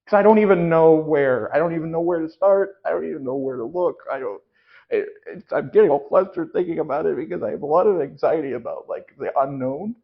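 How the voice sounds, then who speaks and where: Man doing a nervous house seller, rambling, self-interrupting, slightly high, dull lo-fi live recording. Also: brisk, creaky. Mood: flustered. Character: anxious flustered man selling a house. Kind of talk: live improv comedy. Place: small theatre stage.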